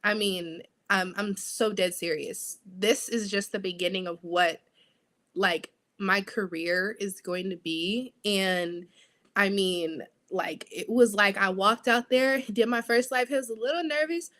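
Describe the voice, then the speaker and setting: A young adult woman, a sideline reporter, telling her story as an interview guest in an animated, lively way. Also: medium pitch, unhurried.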